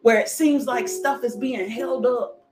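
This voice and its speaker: Woman, sermon with testimony, animated, roomy echo, music behind. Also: fairly high pitch, measured pace. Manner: animated, shouting "woo", laughing. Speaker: preacher. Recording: echoey room with music behind.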